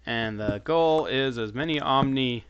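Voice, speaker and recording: A man's voice: medium pitch, measured pace, highs cut off. A man in his thirties casually commenting on his own gameplay, chatty and laughing often. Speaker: streamer. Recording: noisy livestream audio.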